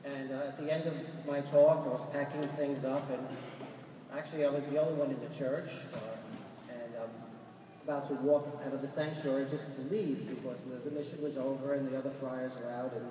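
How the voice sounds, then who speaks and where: A Franciscan friar from Brooklyn, with a Brooklyn New York accent, gives a humorous conference talk, telling jokes and laughing at his own lines. His voice is warm and medium-pitched, fairly quick with little pitch movement, recorded from far off in an echoey, noisy large church or conference hall.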